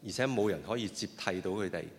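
A man interpreting a sermon phrase by phrase, often pausing with fillers and restarting his sentences. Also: fairly low pitch. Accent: Cantonese. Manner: hesitant, with frequent fillers and restarts. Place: church hall. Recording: long reverb of a hall.

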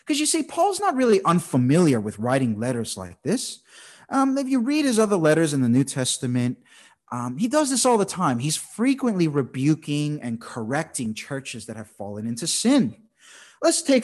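Animated man preaching a sermon. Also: on the high side, moderate pace. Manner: conversational, animated Bible teaching. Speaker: pastor.

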